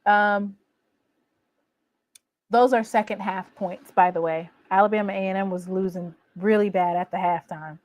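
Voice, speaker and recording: A woman recapping her team's college football season in a casual, boastful, teasing way, with animated exclamations. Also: mid-range voice, moderate pace, no room sound. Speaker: college football fan vlogger. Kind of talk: casual trash-talking recap.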